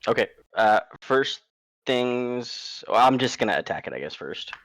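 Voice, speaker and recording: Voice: medium pitch, animated, a little slow, fairly bright tone, no echo. A tabletop game player who talks hesitantly, with plenty of ums and uhs. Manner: hesitant, full of fillers. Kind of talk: casual play over voice chat.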